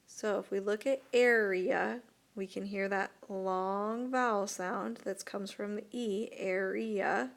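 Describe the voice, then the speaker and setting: A woman teacher giving a recorded lesson to young students, talking slowly and carefully and repeating each word. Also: medium pitch, steady tone, creaky. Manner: slow, deliberate, repeats words for young students. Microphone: tablet microphone.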